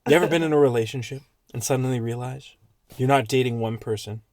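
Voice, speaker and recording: A man's voice: medium pitch, quick pace, a little mellow. A young man hosts a chatty podcast in a mid-range voice. He jokes constantly, laughs between lines and slips into playful slang impressions. The sound is close and dry, with no room echo. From Toronto, Canada. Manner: joking, laughs often, mimics slang. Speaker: podcast host. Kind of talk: casual chat.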